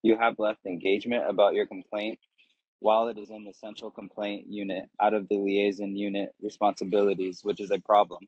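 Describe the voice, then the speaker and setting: A man from California giving a measured, prepared public comment over a call. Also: on the low side, flat delivery, a little mellow, husky, dry recording. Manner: measured, reading a statement. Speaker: public commenter, consumer advocacy volunteer. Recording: dull dry call audio.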